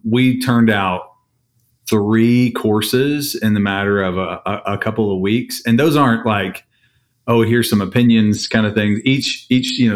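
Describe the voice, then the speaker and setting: Low-voiced man speaking reflectively. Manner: reflective, hesitant, many fillers. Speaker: podcast co-host. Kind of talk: casual chat.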